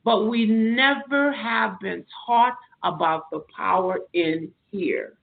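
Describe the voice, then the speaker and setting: A woman's voice: mid-range voice, takes it slowly, creaky. A woman guest in an interview, earnestly telling spiritual personal stories in long, loose anecdotes. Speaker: podcast guest. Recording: narrow phone-like sound.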